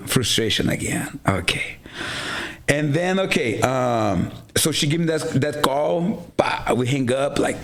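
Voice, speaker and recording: This guest on a casual podcast, recorded in a garage studio, is a jiujitsu instructor from Rio de Janeiro with a Brazilian Portuguese accent. His mid-range voice moves at a measured pace as he tells an animated story, acting out dialogue and padding it with "blah, blah."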